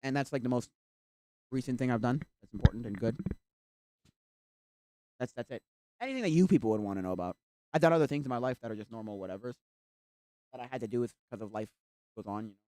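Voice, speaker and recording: A live streamer chatting casually while browsing at the computer, rambling and filling every pause with "like". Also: mid-range voice, animated, warm tone. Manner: rambling, heavy use of "like".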